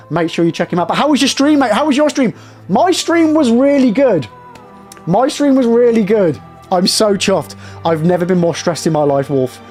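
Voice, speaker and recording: A man's voice: high-pitched, darkish tone. Elated, jittery man streaming. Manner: elated and jittery, talking to chat in bursts. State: shaky with nerves after a win. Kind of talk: excited live-stream chat.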